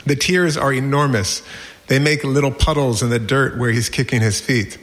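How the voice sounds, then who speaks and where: Pria 40-an membacakan esai pribadi. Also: male voice, medium pitch, steady tone, normal speed, fairly bright tone. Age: 40s. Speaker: narrator. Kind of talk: reading a personal essay aloud.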